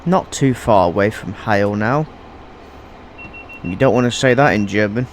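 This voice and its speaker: A gaming YouTuber gives casual gameplay commentary, frequently restarting sentences and drifting into asides. He speaks at normal speed with a fairly low pitch, and there's slight background noise.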